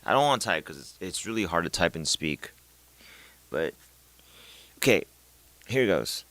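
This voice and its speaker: A man's voice: low voice, big pitch swings, a little slow, bright, forceful tone. A man talking in a casual, unscripted monologue, rambling and thinking aloud with many fillers and restarts, now and then swearing in passing. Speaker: vlogger.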